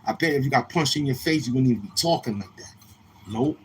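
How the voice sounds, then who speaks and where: A male livestream host chats casually outdoors near a street, with car noise and faint outdoor sounds beneath his middle-pitched, slightly tired voice. He talks quickly in a loose, streetwise way, shifting from laid-back to loud and animated.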